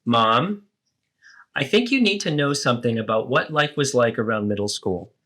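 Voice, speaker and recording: A man voicing an adult child who calmly and firmly confronts their mother in a therapeutic role-play. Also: mid-range voice, normal speed. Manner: earnest, steady, firm about boundaries.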